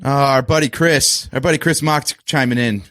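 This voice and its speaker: A man's voice: medium pitch, moderate pace, fairly bright tone, no echo, clean studio sound. A man co-hosting a casual podcast review, chatting in a laid-back, teasing way. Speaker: podcast co-host.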